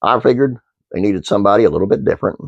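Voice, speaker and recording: A man's voice: fairly low pitch, racing, vocal fry, dry recording, highs cut off. A man hosting his own channel, reading a trivia script aloud with fillers and restarts, then chatting casually to viewers. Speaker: channel host.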